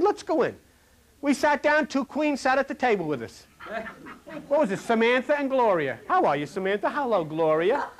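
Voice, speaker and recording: Preacher guy with a real high voice, telling stories from the pulpit, asks the crowd stuff, drops way down quiet sometimes. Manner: folksy storytelling, asks the audience questions; swings between loud and dropping to a low murmur. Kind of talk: sermon. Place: hall before a live congregation.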